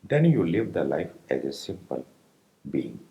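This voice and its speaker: A man with an Indian accent giving a slow, pausing spiritual discourse to meditators, often asking his listeners if they follow. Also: very deep voice, big pitch swings, creaky, mellow, poor audio. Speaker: spiritual teacher.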